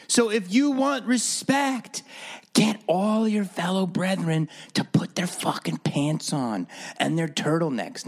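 A man holds forth alone on his podcast in a slightly high voice that swings widely in pitch. He is blunt and profane, dropping into low mutters and jumping to mocking squeaks when he mimics others. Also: sing-song, measured pace. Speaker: podcast host. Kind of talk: opinionated solo podcast rant.

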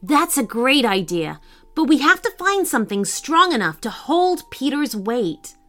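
A woman voicing Lohith, calm young T-rex leader. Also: high voice, measured pace, soft background music, heavily acted. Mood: confident. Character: young male T-rex, steady eldest leader.

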